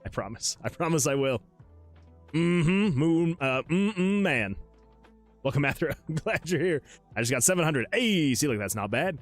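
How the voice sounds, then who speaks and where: A man hosting a casual livestream, chatting excitedly with viewers, laughing often and reading chat messages aloud. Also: a little high, moderate pace, faint music behind. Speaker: livestream host and game developer.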